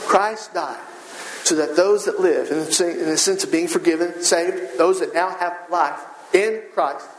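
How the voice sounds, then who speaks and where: A man's voice: high-pitched, unhurried, a little hiss or hum. A man preaching a sermon, building fervent, repetitive rhetorical runs of short phrases. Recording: echoey hall.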